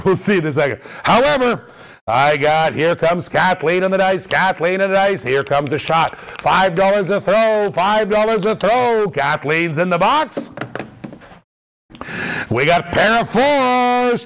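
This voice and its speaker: Host type: high-pitched man, hyped live-auction caller, repeats himself a lot. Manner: energetic, repetitive hype calls with laughs. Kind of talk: excited live-stream patter.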